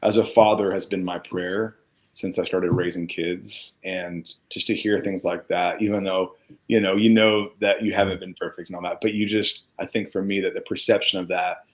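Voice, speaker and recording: A man's voice: low-pitched, little pitch movement, normal speed, poor audio. A middle-aged man talking in a casual interview, heartfelt and earnest, getting a little choked up as he speaks. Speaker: guest musician.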